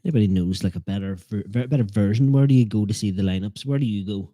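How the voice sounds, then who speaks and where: Guy rambling thru a live football watchalong, jokey, low mellow voice, dry sound. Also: fast, no echo. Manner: joking, self-deprecating, teasing viewers. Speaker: fan channel host.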